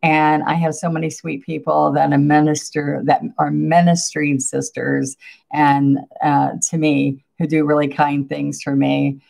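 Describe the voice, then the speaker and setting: Chatty older woman with a low gravelly voice. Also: little pitch movement, measured pace, a little mellow. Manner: chatty, greets viewers, laughs often. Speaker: painting instructor hosting a livestream. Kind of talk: casual live painting lesson.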